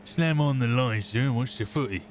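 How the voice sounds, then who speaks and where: A man's voice: medium pitch, normal speed, slight background noise, lightly acted. A man putting on a rowdy pub-goer. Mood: jolly. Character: boisterous Cockney man heading to the pub.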